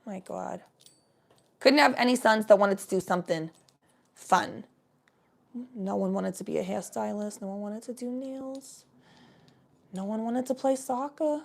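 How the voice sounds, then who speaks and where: A woman's voice: mid-range voice, unhurried, creaky, long pauses. A woman voicing a silly psychic stoner woman in a put-on New Jersey accent, giving a brash, profane live-stream tarot reading. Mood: mock-bitter.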